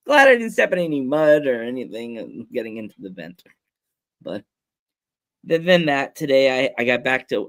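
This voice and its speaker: A man hosting a casual podcast, telling rambling stories with lots of restarts and laughter. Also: mid-range voice. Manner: animated storyteller, acts out scenes with funny voices and sound effects. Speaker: podcast host. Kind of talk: casual chat.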